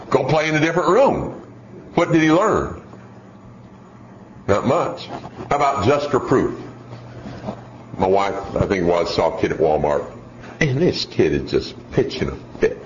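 A middle-aged man preaching a sermon, telling stories and acting out voices in an animated way. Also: mid-range voice. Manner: animated storytelling with acted-out voices. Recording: dull roomy hall sound, faint noise.

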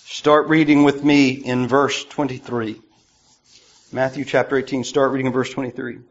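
A man preaching a sermon to his congregation, swinging between loud emphatic peaks and quiet asides. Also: medium pitch, level tone, moderate pace. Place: church. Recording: dull lo-fi church recording.

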